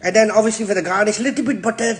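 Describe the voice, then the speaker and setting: A man with a Yorkshire accent gives a comic cooking demonstration. His voice sits high for a man. He is brash and deadpan, with swearing in almost every other line. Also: racing. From Yorkshire, England. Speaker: cooking show host.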